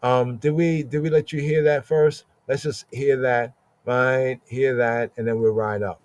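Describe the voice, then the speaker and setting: A man hosting a livestream podcast, teaching a psalm verse by verse in a slow, searching way, often asking "right?" and repeating "here, here". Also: medium pitch, steady tone, darkish tone. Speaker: podcast host and Bible teacher.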